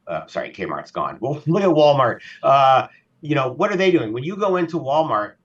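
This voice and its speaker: Animated man on a distant, dull mic. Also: mid-range voice, moderate pace. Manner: animated, acts out shoppers in little voices. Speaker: podcast guest, payments specialist. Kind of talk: casual podcast conversation.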